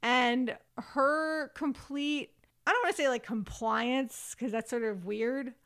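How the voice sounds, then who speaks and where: A woman's voice: sits high, slow pace, a bit bright, clear, resonant tone. A woman co-hosting a podcast, recapping a reality dating show in casual, wry chat and laughing often. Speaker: podcast co-host.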